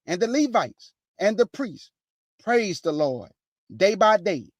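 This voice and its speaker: A woman hosting an informal Bible teaching, reading verses slowly and firmly and breaking in with pointed rhetorical questions in a casual, plain-spoken way. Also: mid-range voice, very animated, no room sound, studio quality. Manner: casual, plain-spoken, addresses listeners as "y'all".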